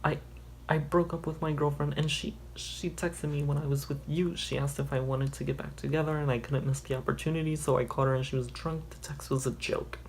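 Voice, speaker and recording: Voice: mid-range voice, steady tone, a little fast, creaky, a little hiss or hum, close to an everyday voice. A reader voicing a melodramatic eighteen-year-old boy from a teen romance story, sounding overwrought. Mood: pleading. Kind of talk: mock-dramatic reading.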